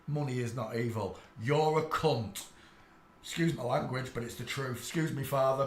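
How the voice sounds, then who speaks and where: An English man ranting on a live stream, preachy and irate, swearing and bursting into shouts at his chat. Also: medium pitch, lively intonation, normal speed, echoey room.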